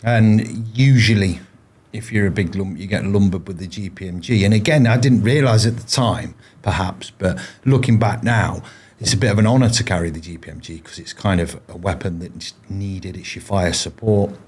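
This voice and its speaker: A man's voice: low voice, moderate pace, a little mellow, slightly rough. A man, a former paratrooper, telling his stories in a casual interview, rambling with frequent restarts and fillers. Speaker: podcast guest, former paratrooper.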